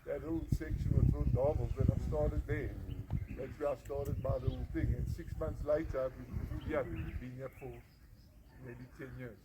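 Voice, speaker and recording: A man's voice: medium pitch, fairly even intonation, normal speed, very noisy. A man giving an earnest, emphatic personal testimony as the founder of a rehab centre. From South Africa. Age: 40s. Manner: earnest, emphatic, repeats phrases for effect.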